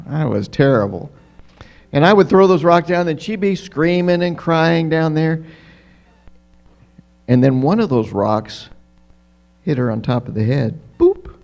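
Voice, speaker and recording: A pastor giving a children's story in a church. He is lively and keeps asking the children questions. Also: medium pitch. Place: church sanctuary.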